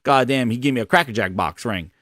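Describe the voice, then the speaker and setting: A man's voice: medium pitch, quick pace, a bit bright, dry recording, studio quality, voice pushed down, lightly acted. A man voicing a needy male executive who feels jilted and whines about it. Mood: aggrieved.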